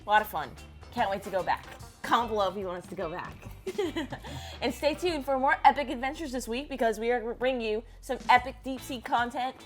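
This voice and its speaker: Woman fishing-vlog host, higher voice, upbeat and giggly, casual viewer chat. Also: lively intonation, faint music behind. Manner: upbeat, giggly, quick sign-offs.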